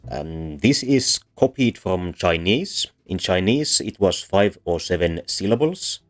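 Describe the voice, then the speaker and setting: A man's voice: sits low, expressive, a little slow. A man giving a casual, hesitant lecture on linguistics, with frequent ums and restarts. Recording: soft background music under voice.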